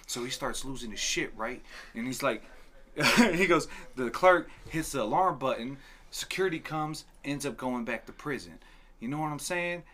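Animated storytelling man, bright voice. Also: mid-range voice, normal speed, a little hiss or hum. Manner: animated storyteller, acts out dialogue, laughs often. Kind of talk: casual chat.

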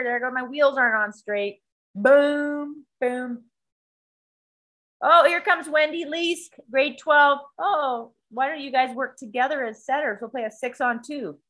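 A woman's voice: high voice, a little slow, low-quality recording. A woman chatting casually, swearing a lot and acting out sounds and other people's lines as she tells a story. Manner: animated, acts out other voices and sound effects. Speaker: storyteller in a conversation. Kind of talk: casual chat, swearing freely.

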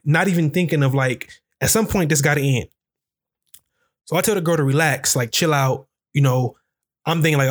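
A man's voice: a little high, fast. A young man telling candid, profane stories in a rambling, casual way, full of fillers and grammar. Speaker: podcast host. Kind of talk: casual storytelling.

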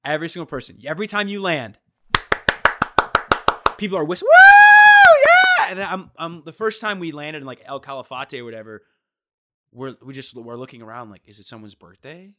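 A man's voice: mid-range voice, brisk, pauses often, very noisy. A young man in a casual chat, telling a travel story with lots of swearing and acting out the people he met.

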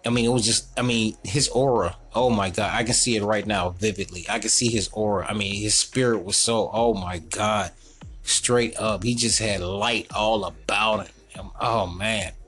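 A man's voice: fairly low pitch, normal speed. Laughing man telling a family story. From North Carolina, US. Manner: animated, laughing, slangy, repeats "you know what I'm saying". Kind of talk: casual storytelling.

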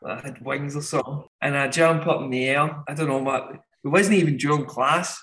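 A man, a podcast guest telling animated anecdotes and laughing often. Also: fairly high pitch, brisk, low-quality recording. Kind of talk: casual storytelling.

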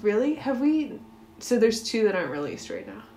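A woman's voice: on the high side, sing-song, normal speed, mellow. Upbeat young woman podcaster in a roomy office. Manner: chatty, upbeat, giggly. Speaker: podcast co-host. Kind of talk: casual chat. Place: small office. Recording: roomy office sound, faint noise.

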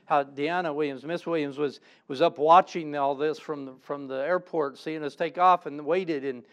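A man's voice: fairly high pitch, fairly even intonation, moderate pace, fairly bright tone, muffled recording. A middle-aged man preaching a sermon as pastor, emphatic and repeating words when stirred up.

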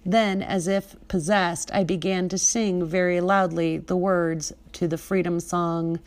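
A middle-aged woman narrating her own memoir with intensity, building to loud, emphatic outbursts. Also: on the low side, fairly even intonation, a little slow, hardly any pauses. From United States. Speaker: memoir narrator and podcast host. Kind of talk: dramatic memoir reading.

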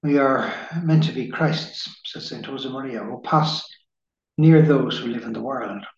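A man giving a slow, measured spiritual reading in the manner of a preacher. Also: medium pitch, vocal fry. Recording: echoey room, dull lo-fi sound.

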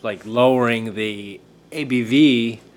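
A man's voice: medium pitch, slow. A man taking part as a co-host in a casual group discussion, with wry, conversational remarks.

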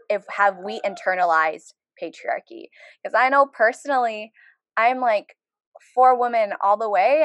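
A woman's voice: mid-range voice, no echo. A young woman moderating a panel discussion, talking reflectively with many "like" fillers.

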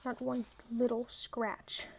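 A woman reading aloud and voicing a gruff, greedy middle-aged stepfather who growls his demands loudly. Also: high-pitched, little pitch movement, slow. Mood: warning.

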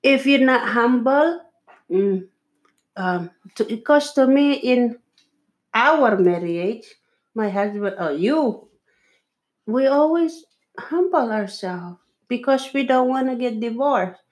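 Slow, earnest woman giving marriage advice. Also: on the high side, expressive. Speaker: podcast co-host. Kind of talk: casual chat with her husband.

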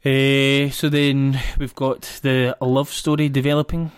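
A woman's voice: very deep voice, flat delivery, takes it slowly, clear, resonant tone, no room sound, studio quality. A woman with a Scottish accent casually recapping a film's plot for a podcast, giggling between points. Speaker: podcast co-host. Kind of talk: casual film recap chat.

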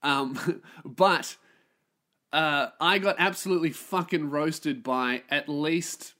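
Male podcast host, solo rant, profane and self-deprecating, slightly high pitch. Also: slow, pushed and bright. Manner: ranting, sweary, self-mocking.

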